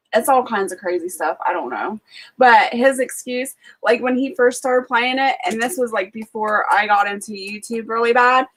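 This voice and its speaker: A chatty woman with an Ohio accent, talking casually on a livestream in a somewhat high voice. She rambles along with plenty of "um" and "like" and greets viewers as they drop in. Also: a bit bright, poor audio. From Ohio, USA. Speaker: homesteading livestream host.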